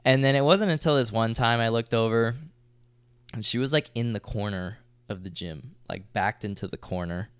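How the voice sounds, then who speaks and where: A man's voice: fairly low pitch, normal speed, clean tone, no echo. Young man telling a gym story. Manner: loose, slangy storytelling, lots of swearing and "like". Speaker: podcast co-host. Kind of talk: casual storytelling chat.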